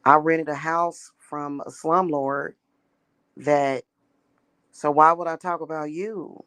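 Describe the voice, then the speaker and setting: A woman's voice: low-pitched, fairly even intonation, takes it slowly, fairly bright tone, no echo. A woman talking casually in a vlog monologue, rambling and repeating herself with emphatic restarts. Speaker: spiritual practitioner.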